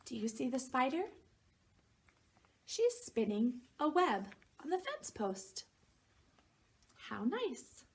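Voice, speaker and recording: A preschool teacher reads a picture book to small children in a fairly high, unhurried voice. She asks them gentle questions and leaves room for them to answer. She calls out the animal noises in a livelier, raised voice. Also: very animated, breathy edge. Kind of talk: picture-book storytime reading for young children.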